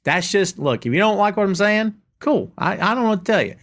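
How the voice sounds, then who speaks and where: Male podcast host, slightly high voice, opinionated, addresses listeners directly. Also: expressive, brisk, fairly bright tone. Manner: opinionated, talks straight to listeners. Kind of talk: casual chat.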